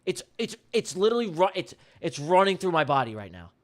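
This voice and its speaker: A man's voice: high-pitched, big pitch swings, fairly quick. A man hosting a trading livestream who talks bluntly and heatedly, swears freely and repeats lines for emphasis. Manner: blunt, heated rant with profanity. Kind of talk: live-streamed trading commentary.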